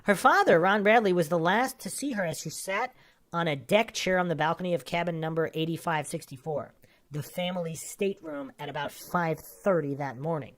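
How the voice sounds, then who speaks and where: A woman's voice: on the low side, lively intonation, normal speed. A woman hosting a true crime podcast, casually talking through a case and reading a magazine article aloud with brief asides. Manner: casual, with asides between read passages. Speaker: podcast host.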